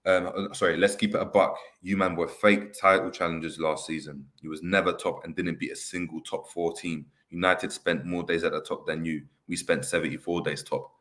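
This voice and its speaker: Young male host, low voice, banters and reads out viewer comments. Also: level tone, fairly quick, few pauses, fairly bright tone. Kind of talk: casual football chat. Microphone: webcam on video call.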